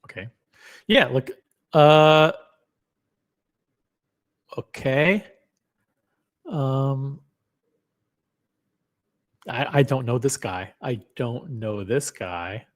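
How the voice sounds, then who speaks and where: A man's voice: mid-range voice, very slow, long pauses. A man hosting a live stream who reacts casually, jokes, swears and reads chat comments aloud. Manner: loose, joking, profane, reads chat aloud.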